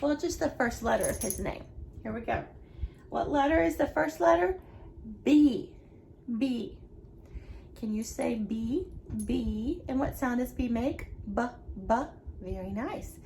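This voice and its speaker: A woman teaching a remote lesson to young children, speaking slowly and cheerfully to them as their preschool teacher. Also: on the high side, animated, creaky, a little mellow, slight background noise. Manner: slow, cheerful, talking to children.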